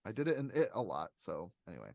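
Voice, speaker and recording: A man hosting a podcast, chatting casually and reviewing a movie in a rambling, animated way, often laughing. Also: lowish voice, quick pace, creaky, dry recording, clean studio sound. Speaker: podcast host.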